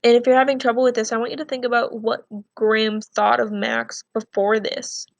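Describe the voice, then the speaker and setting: A woman's voice: fairly high pitch, normal speed, no echo. Woman teacher reading aloud in a lesson video. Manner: clear, patient classroom instruction with expressive reading.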